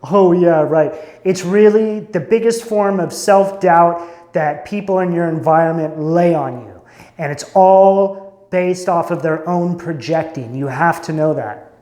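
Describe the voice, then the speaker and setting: High-voiced man doing a tarot reading. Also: unhurried, mellow. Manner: musing, searching, self-interrupting. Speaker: tarot reader. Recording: roomy echo.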